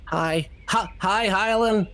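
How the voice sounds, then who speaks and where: A woman voicing a shy, excitable teenage tiefling boy who stammers and gushes in a tabletop role-play. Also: mid-range voice, takes it slowly. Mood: flustered. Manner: stammering, eager, gushing.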